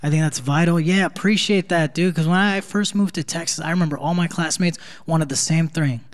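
A man's voice: a little high, brisk. A man doing a live stand-up comedy set on a theater stage, loose and conversational with punchy asides.

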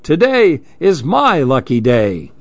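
A man voicing a sly, scheming male wolf who talks in a smooth, falsely generous way. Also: on the high side, huge pitch swings, takes it slowly, dry recording, dull audio, heavily acted.

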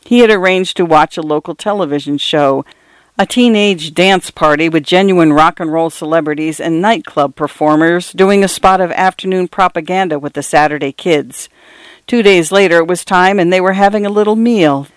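A man narrates a novel in a measured, expressive reading. His voice sits a little high for a man and sounds smooth and resonant. It is close and dry, with no room sound. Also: dry recording. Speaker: audiobook narrator. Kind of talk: scripted literary narration.

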